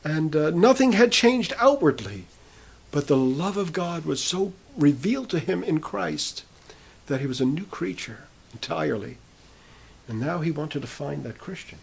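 Gravelly husky guy preaching, telling a testimony story, kinda high voice. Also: lively intonation, a little slow. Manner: retells a testimony, quoting speakers in turn. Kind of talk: sermon storytelling.

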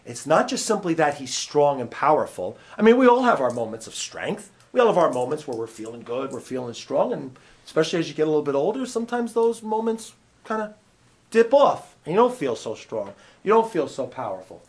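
Male pastor, lively teaching-sermon delivery, a touch higher than most men, keeps asking the room questions. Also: brisk. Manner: animated, conversational, asks the audience questions. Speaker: pastor teaching a Bible class.

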